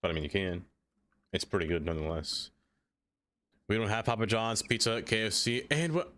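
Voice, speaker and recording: A young man streaming live, chatting casually with viewers in an animated, joking way and laughing often. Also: on the low side, a little fast.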